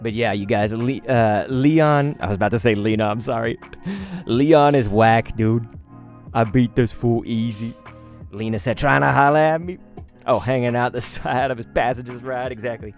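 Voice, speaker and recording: A young man chatting excitedly on a live stream while opening trading cards, talking straight to his chat in slangy, hyped-up bursts. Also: medium pitch, moderate pace, soft background music.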